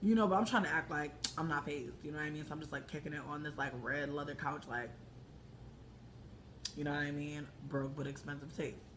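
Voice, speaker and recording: A young woman telling a casual story to the camera, brash and profane, swinging between hushed asides and loud outbursts. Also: low-pitched, fairly even intonation, fairly quick, background noise.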